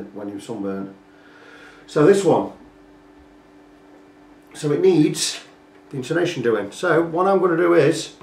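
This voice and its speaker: A man's voice: mid-range voice, darkish tone, a little hiss or hum. A man, a guitar repair technician chatting step by step as he works on an instrument at his bench. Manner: chatty, explains step by step, talks while working. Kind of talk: hands-on repair walkthrough. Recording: echoey workshop room.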